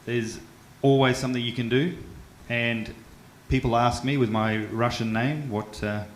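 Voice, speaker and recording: An Australian man performs a stand-up comedy set on a club stage, self-mocking and chatty, tripping over his words. His voice sits at an ordinary middle pitch. The club sounds roomy, with faint noise behind him. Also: steady tone, a little slow. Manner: chatty, self-mocking, with frequent stumbles and fillers.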